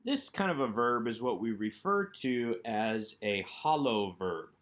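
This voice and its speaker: A man's voice: medium pitch, expressive, a little slow, fairly bright tone. A man teaching a recorded workbook lesson as an instructor, working through each item methodically by posing a question and then answering it. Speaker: Hebrew instructor.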